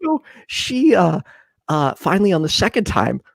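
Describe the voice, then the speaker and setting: A man's voice: moderate pace, vocal fry, no room sound. A man in his twenties, co-hosting a casual podcast, telling a story and acting out quotes in a raised voice. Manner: animated, acts out quotes in a high voice. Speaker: podcast co-host.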